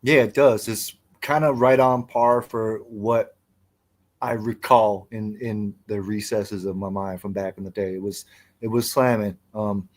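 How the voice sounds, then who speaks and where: A man's voice: fairly low pitch, fairly even intonation, measured pace. A man co-hosting a podcast in casual chat, talking in a laid-back, slangy way. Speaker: podcast co-host.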